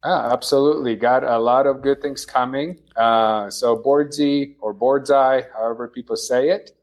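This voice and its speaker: A man from Poland, a company founder, answering interview questions in a relaxed, measured way with many fillers. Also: medium pitch. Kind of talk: casual interview.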